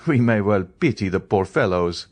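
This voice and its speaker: A man's voice: on the low side, lively intonation, moderate pace, darkish tone. A man voicing a stern, imperious middle-aged priest who interrogates with authority.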